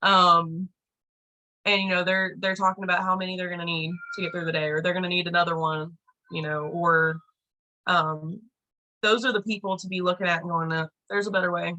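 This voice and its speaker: A woman's voice: fairly low pitch, flat delivery, fairly quick, pushed and bright, poor audio. A woman leading a team training over a video call, chatty and rambling with lots of fillers.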